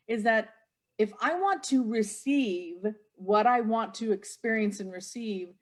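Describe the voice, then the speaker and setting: A woman's voice: fairly high pitch, a little slow. A middle-aged woman speaking reflectively on a live stream, often restarting her sentences. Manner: reflective, searching for words with restarts. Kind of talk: casual conversation on a live stream.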